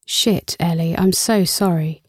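A woman's voice: on the low side, measured pace, dry recording, studio quality. A woman voicing a clumsy, good-hearted male drummer friend who talks in an apologetic, sheepish way.

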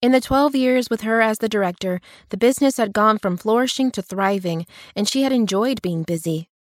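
Female audiobook narrator, mid-pitched, dry close-miked read. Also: a little fast, no echo. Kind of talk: scripted narration.

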